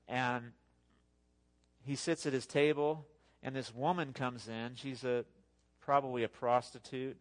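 A man giving a sermon as a pastor, talking to the congregation in a conversational, animated way with asides. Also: medium pitch.

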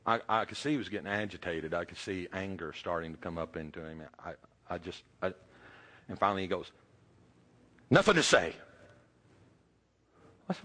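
A man, preaching a sermon and telling a personal story, swinging from loud emphasis to hushed tones. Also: lowish voice. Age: 50s or older.

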